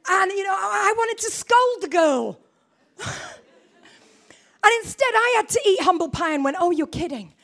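A woman's voice: extremely high pitch, lively intonation, moderate pace, vocal fry, pauses often, a bit bright. A woman preacher giving a sermon, telling a story about herself with self-mocking humor.

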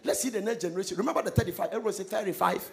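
A man preaching a sermon, swinging between quiet asides and loud, sung-out lines. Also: high-pitched, rapid-fire, gravelly. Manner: emphatic preaching with sudden shouted, sung-out phrases and laughter. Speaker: pastor.

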